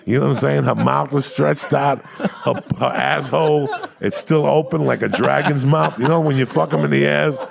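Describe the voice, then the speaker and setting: A man, a comedian on a podcast, telling profane stories in a loud, crude, rowdy way with a gravelly voice. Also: medium pitch, fairly even intonation, normal speed, a crowd in the background. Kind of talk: profane storytelling.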